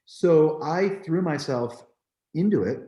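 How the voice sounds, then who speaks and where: A man from New Jersey, a photographer, telling his story in an animated, candid way, peppering his talk with "like" and "you know.". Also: on the high side, takes it slowly. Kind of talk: storytelling in a conversation. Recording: roomy echo.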